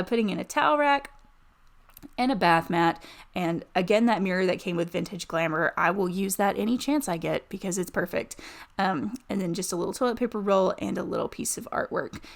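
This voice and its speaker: A woman's voice: medium pitch, vocal fry. A woman giving casual, chatty voice-over commentary on a game build, gushing and rambling with many fillers. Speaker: Sims building YouTuber.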